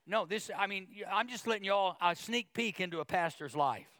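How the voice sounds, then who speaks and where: Passionate preaching pastor, dry sound. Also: male voice, animated, moderate pace, dry recording. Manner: emotional, grows louder and higher when preaching; conversational asides and repeated words. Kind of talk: sermon.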